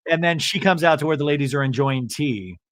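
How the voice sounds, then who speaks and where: A man hosting a podcast, telling a comedic TV recap in chatty, animated storytelling. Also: on the high side, brisk, dry recording. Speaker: podcast host.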